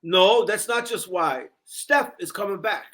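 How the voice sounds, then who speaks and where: An older man co-hosting a casual sports talk show, telling animated stories and acting out what people said. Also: high voice, a little slow. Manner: animated storyteller, acting out quotes. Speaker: co-host.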